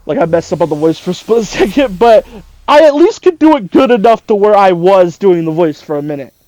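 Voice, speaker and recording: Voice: mid-range voice, animated, a little fast, darkish tone, no room sound. A let's play commentator talking loosely over gameplay, self-deprecating and swearing casually.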